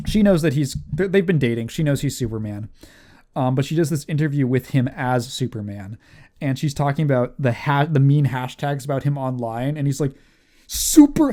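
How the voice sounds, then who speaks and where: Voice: mid-range voice, dark tone. Podcast co-host, rambling movie chat, self-correcting, laughs often. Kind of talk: casual movie review chat.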